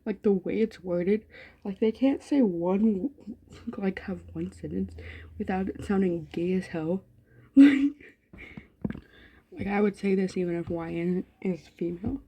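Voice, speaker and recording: A woman's voice: medium pitch, measured pace, pauses often, warm tone, a little hiss or hum. A woman, a gaming YouTuber, reading a story game aloud with running commentary, giggling often and swearing freely. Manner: giggly, profane, frequent laughter.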